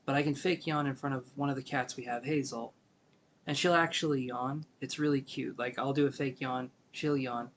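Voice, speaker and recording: A man giving a live tarot reading, talking gently and meanderingly with many fillers, sleepy and yawning. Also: medium pitch, steady tone, moderate pace, a little hiss or hum. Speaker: tarot reader.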